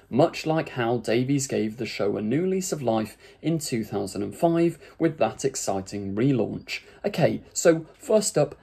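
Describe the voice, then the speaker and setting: Mellow, husky-voiced man reviewing aloud. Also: mid-range voice. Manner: chatty, with frequent "like" and "kind of" fillers. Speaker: YouTube reviewer. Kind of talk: reading a review aloud with casual commentary.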